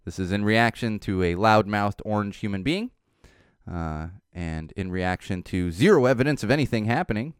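Sarcastic ranting man, lively pitch. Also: normal speed, clear, resonant tone, no echo, clean studio sound. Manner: sarcastic, ranting, frequent restarts and laughs. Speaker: podcast host. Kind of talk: casual opinion monologue.

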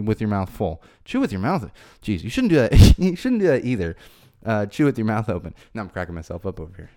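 A man's voice: mid-range voice, warm tone. A podcast host in his thirties, a man, talking casually in a rambling, exasperated rant that repeats itself. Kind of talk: casual ranting monologue.

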